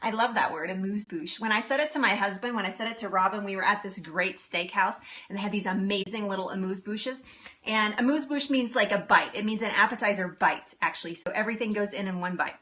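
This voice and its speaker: A woman's voice: mid-range voice, fast, pushed and bright. A woman in her thirties hosting a live cooking stream from her home kitchen, chatting with viewers and laughing often. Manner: chatty, giggly, answers viewer comments. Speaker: cooking show host.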